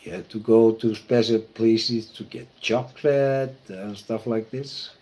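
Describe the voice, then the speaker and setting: A man from Iceland with an Icelandic accent, a pastor telling personal stories in a halting, reflective way. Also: on the low side, steady tone, mellow, a little hiss or hum. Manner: halting and reflective, with many fillers and restarts. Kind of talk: personal storytelling talk.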